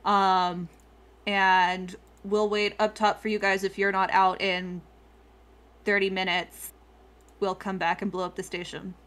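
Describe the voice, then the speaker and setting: A woman playing a tabletop role-playing game, laying out her party's plan out loud in a casual way. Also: medium pitch, level tone, measured pace. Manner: plans out loud, laughs easily. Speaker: player.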